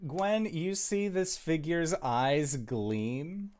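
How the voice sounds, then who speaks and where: A man narrating as game master for a tabletop role-playing game, relaxed. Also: on the high side, extremely slow.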